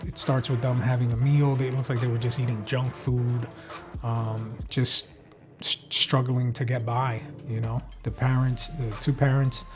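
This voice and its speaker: A man's voice: mid-range voice, little pitch movement, normal speed, music in the background. A man hosting a podcast, recapping a film in a loose, joking way, swearing freely and filling gaps with ums. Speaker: podcast host reviewing a film. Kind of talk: casual rambling recap.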